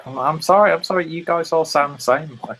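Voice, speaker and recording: A man's voice: a little high, fairly quick, a bit bright, slight background noise. A man chatting on a live beer stream, with dry, sarcastic, half-apologetic remarks. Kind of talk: casual chat on a live stream.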